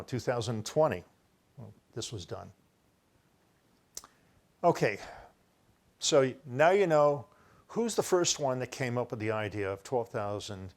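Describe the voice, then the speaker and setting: An older man giving a rambling solo talk, presenting his own research and often correcting himself as he insists he was first with an idea. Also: mid-range voice. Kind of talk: solo lecture to camera, showing book pages.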